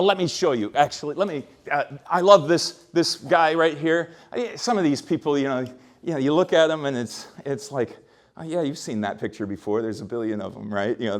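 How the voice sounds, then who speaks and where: A man, a history professor, giving an informal workshop lecture in a rambling, conversational way, full of restarts and checks like "right?". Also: on the high side.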